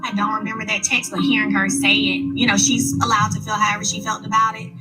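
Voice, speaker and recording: A woman's voice: mid-range voice, little pitch movement, fast talker, over loud music, low-quality recording. A woman arguing back defensively and emphatically on a television reunion stage. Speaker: reality show cast member. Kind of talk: heated reunion argument.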